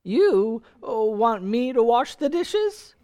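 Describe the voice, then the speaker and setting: An actor playing a nervous, bumbling young husband who stammers with many hesitations, in 1940s radio acting. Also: male voice, very high-pitched, very animated, slow, mellow, heavily acted. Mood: flustered.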